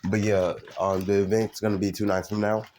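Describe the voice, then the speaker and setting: A man live streaming, talking casually to his viewers in a halting way, full of ums and restarts. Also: fairly low pitch, little pitch movement, a little mellow, a little hiss or hum. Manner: halting, many fillers and restarts.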